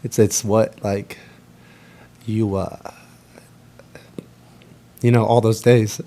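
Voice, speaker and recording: A man in his thirties, a baseball pitcher, answering press conference questions in a rambling, halting way with many fillers. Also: flat delivery, dark tone, slight background noise.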